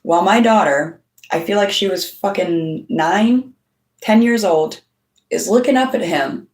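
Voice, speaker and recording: Here the channel's host, a middle-aged woman, talks unhurriedly in a mid-range, darkish voice. It's a casual monologue to camera, told bluntly with frequent swearing and quoted voices, recorded off-mic in a roomy space.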